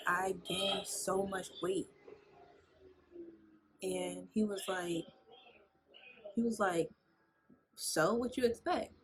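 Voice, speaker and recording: A young woman talking candidly to her camera at home, telling a personal story with lots of fillers, while a fan and men playing a video game are heard behind her. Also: lowish voice. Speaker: vlogger. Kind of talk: casual chat. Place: at home indoors. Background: fan noise and men playing a video game.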